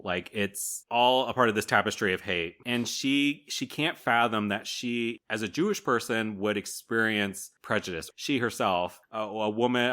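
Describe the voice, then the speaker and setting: A man co-hosting a podcast, casually recapping a movie scene by scene and acting out the characters' lines with a laugh. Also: fairly low pitch. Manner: animated retelling with quoted voices and laughter. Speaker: podcast co-host. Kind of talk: casual film recap chat.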